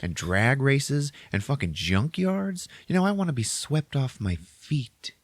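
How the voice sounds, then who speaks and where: A man's voice: medium pitch, big pitch swings, unhurried, no echo, pitched above the performer's own voice. A man voicing a snobby young woman of the valley-girl type, whiny and demanding.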